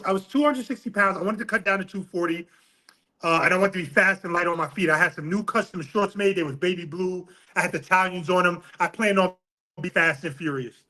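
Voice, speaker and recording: A man's voice: sits high, poor audio. A middle-aged man from New City, a boxing coach telling a story with laughs and swearing in a casual interview. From New York City. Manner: animated, laughing, profane storyteller.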